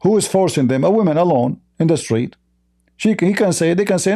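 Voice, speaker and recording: A man's voice: high voice, expressive, fairly quick, warm tone. A man arguing in a heated debate in non-native English, combative and mocking, throwing blunt insults and reading quoted lines in changing voices. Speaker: religious debater.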